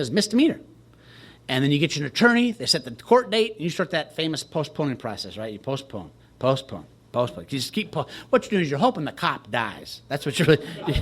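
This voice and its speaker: A man with a slightly higher-than-usual voice tells his recovery story to a group. He jokes at his own expense, and his delivery stays dry and wry. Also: a bit bright. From Texas, USA. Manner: wry, joking storyteller who laughs at himself. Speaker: recovery speaker at a retreat. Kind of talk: personal recovery story told to a crowd.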